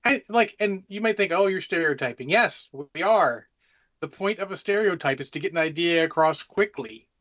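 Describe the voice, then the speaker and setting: Guy cohosting a gaming podcast, loose and animated, kinda high voice, dull lo-fi sound. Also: moderate pace. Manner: loose, animated, swears casually. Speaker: podcast co-host, game master. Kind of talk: casual chat.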